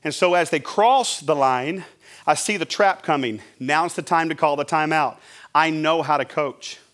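A middle-aged male pastor preaches with a slightly higher voice than most men. He tells his story with lively, animated delivery and now and then acts out his own shouting. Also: moderate pace. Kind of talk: sermon storytelling.

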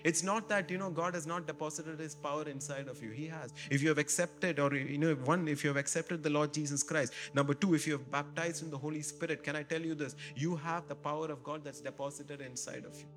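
A man's voice: a little high, steady tone, a little fast, few pauses, a bit bright, soft background music. Fervent preacher man, rhetorical questions. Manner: rising to emphatic, repeated rhetorical questions; calls out to the congregation. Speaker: pastor. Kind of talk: sermon.

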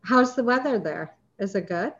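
A woman host interviewing guests over a video call, chatty and quick to laugh. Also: medium pitch, expressive, lo-fi sound. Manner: chatty, laughs easily, exclamatory. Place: home in Florida.

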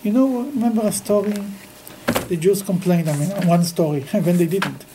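A man teaching a weekly scripture class. He speaks haltingly, with frequent restarts, and grows lively as he tells stories. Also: high-pitched, background noise. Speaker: Torah teacher.

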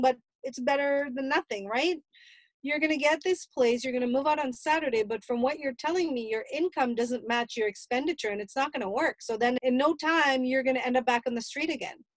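A middle-aged mother tells an emotional family story in a high voice with no echo, replaying at length the dialogue she once spoke. It's personal storytelling.

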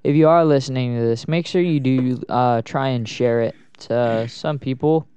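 A man's voice: mid-range voice, moderate pace, mellow, smooth, lo-fi sound. A young man co-hosting a podcast, joking and cutting in with slang during casual chat. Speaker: podcast co-host.

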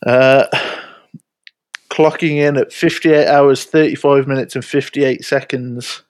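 A man's voice: medium pitch, steady tone, takes it slowly, no room sound. A man co-hosting a podcast, stumbling over words as he reads a record. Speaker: podcast co-host. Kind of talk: casual banter.

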